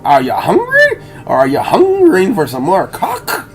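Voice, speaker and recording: A man's voice: sits high, huge pitch swings, normal speed, soft background music, pitched above the performer's own voice, full character voice. A man putting on the voice of a crude, teasing fellow who mocks people with profanity. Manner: mocking, profane.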